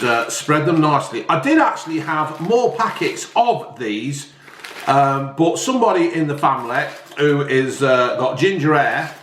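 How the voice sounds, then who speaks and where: A man's voice: medium pitch, fairly bright tone, a little hiss or hum. A man, chatting casually to viewers and swearing freely as he makes food at home. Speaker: vlog host. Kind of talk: casual cooking vlog chat. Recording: echoey room.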